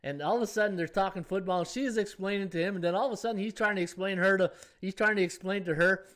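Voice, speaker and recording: Middle-aged male host, casual and chatty, slightly high-pitched, quick to laugh. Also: fairly bright tone. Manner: rambling, chatty, laughs easily, reads out viewer comments. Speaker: sports betting podcast host. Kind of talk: casual live-stream chat.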